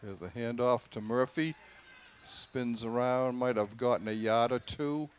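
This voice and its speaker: A man announcing play-by-play for a local high school football game, his voice jumping up in pitch and volume on the big runs. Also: a little slow, slight background noise. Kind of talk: play-by-play commentary.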